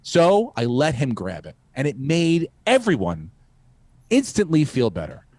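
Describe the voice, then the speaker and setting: A man's voice: on the high side, huge pitch swings, measured pace, a little mellow, no echo. A man hosting a podcast who rambles through a profane story and acts out the quotes. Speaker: podcast host, comedian. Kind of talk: casual storytelling.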